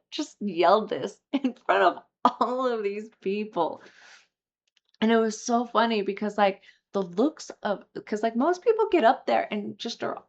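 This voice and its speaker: Young woman, frank and emotional storyteller, unhurried delivery, slightly muffled recording. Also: mid-range voice, lively intonation. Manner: candid, emotional, swears freely. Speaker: storyteller sharing recovery story. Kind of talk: personal storytelling. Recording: slightly dull lo-fi audio.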